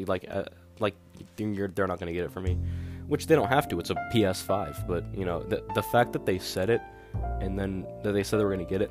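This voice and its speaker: Young man, deep low voice, podcast host, casual rambling, exasperated, guitar music behind. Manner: rambling, exasperated storytelling with many fillers. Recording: guitar music playing underneath.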